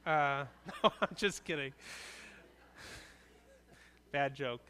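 Earnest, smooth-voiced male pastor preaching. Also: on the high side, fairly even intonation, moderate pace, a bit bright. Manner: conversational, earnest preaching with frequent restarts. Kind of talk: sermon.

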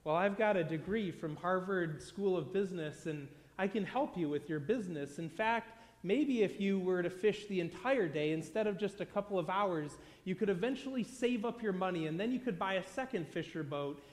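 A confident American executive with a slick, persuasive pitch, as a preacher puts him on. The voice sits high and rings out with a long hall echo. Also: male voice, normal speed, hardly any pauses, lightly acted. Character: self-assured American male business executive, eager to advise.

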